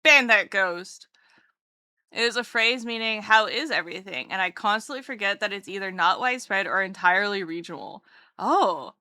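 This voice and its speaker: A woman's voice: medium pitch, lively intonation, moderate pace, sharp tone, no echo, studio quality. A woman streamer chatting casually and playfully with her chat while drawing, rambling from one thought to the next. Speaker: streamer and artist.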